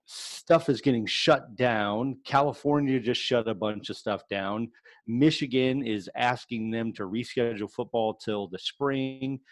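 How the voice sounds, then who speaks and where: A man co-hosting a podcast, talking in an excited, enthusiastic way. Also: medium pitch, a little slow, dry recording. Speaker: podcast co-host. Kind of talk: casual chat.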